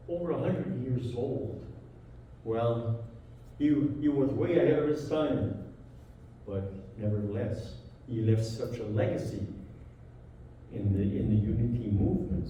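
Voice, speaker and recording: A man's voice: medium pitch, dark tone, slight background noise. A man with a French accent, a native French speaker, giving a spiritual talk in a church and reading quotes aloud with feeling. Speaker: guest speaker. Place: large church hall. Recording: echoey hall, speaker far from mic.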